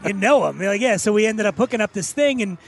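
A high-voiced man hosts a casual radio chat show. He talks in a chatty, teasing way with his guest. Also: expressive, fast, gravelly, breathy edge.

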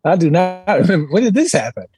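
Laughing, animated man telling stories. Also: sits high, quick pace. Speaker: podcast co-host. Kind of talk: casual podcast chat.

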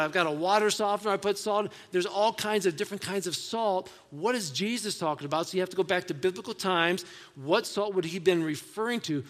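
High-voiced man preaching in a reverberant hall. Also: a bit bright. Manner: conversational preaching with rhetorical questions. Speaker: pastor. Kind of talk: sermon.

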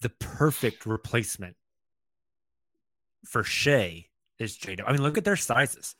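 Guy cohosting a sports podcast, chatty and lively, dry close sound. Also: medium pitch, no room sound. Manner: chatty, animated, quick asides. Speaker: podcast co-host. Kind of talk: casual sports chat.

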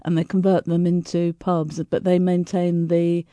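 Lady tour guide on the radio, warm soft voice, explains stuff calmly. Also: fairly low pitch, no echo. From London. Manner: informative, explains in a measured, friendly way. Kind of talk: conversational radio interview.

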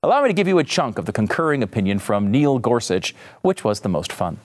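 A man hosting a sarcastic political comedy monologue, mock-serious and deadpan, jumping up into a high voice for the jokes. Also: fast, hardly any pauses. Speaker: host.

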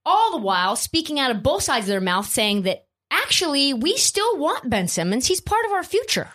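A woman hosts a sports podcast with an opinionated rant. Her voice sits on the high side and leaps around in pitch. She is blunt and emphatic and swears freely. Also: big pitch swings, normal speed, fairly bright tone. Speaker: podcast host.

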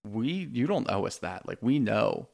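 A man's voice: on the low side, wildly swooping pitch, moderate pace, vocal fry, darkish tone. A man co-hosting a podcast, chatting casually and candidly about a reality show, swearing freely. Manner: candid, swears freely, quotes cast members. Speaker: podcast co-host. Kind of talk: casual reality TV recap chat.

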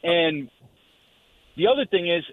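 A man's voice: on the high side, expressive, measured pace, no echo. A man calling in to a sports radio show, talking emphatically and stumbling over the starts of his sentences. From North Jersey. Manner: emphatic, repeats words when starting sentences. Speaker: caller. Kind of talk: phone-in call to sports radio. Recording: tinny phone line.

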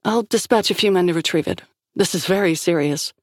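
A woman's voice: lowish voice, fairly quick, no echo, clean studio sound, close to an everyday voice. Stern commander lady, clipped and firm , a woman reading her.

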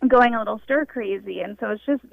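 A woman's voice: a little high, fairly quick, gravelly, no echo. Woman calling in over a tinny phone line. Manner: friendly, casual, lots of fillers. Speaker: caller. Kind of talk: phone-in storytelling. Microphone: telephone.

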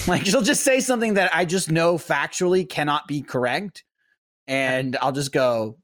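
Podcast co-host, male, 30s, animated rambler, slightly high voice. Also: normal speed. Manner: rambling, jumps between pitches when quoting. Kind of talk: casual chat.

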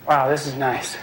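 An actor playing a nervous, awkward teenage boy in a film clip, hesitant and stammering. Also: mid-range voice. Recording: noisy movie clip played over a podcast.

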